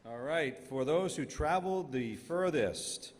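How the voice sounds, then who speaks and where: Speaking at a measured pace with lively intonation and a higher-leaning voice, a middle-aged emcee works the family reunion crowd casually, cracking jokes, asking questions, and giving out awards. His voice echoes with a long hall reverb.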